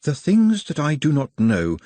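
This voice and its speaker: A man's voice: fairly high pitch, huge pitch swings, a little slow, mellow, no room sound, voice pushed up. A man voicing an earnest, formal male goblin scholar with precise, hesitant phrasing.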